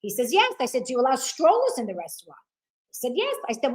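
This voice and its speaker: Woman, high voice, lively storytelling, acts out both sides. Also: quick pace, poor audio. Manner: animated storyteller, acts out dialogue, swears. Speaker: guest. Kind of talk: casual chat.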